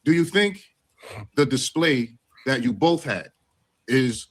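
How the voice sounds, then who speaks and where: A man on a panel, measured in his delivery as he presses the guest with probing questions. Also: medium pitch, animated. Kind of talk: heated panel discussion.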